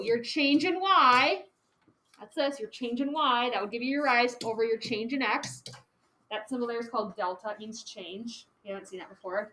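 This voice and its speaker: A woman's voice: fairly high pitch, a bit bright. A woman teaching a class, chatty and casual, filling her talk with "like" and "okay". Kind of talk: classroom lecture. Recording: echoey classroom, faint noise.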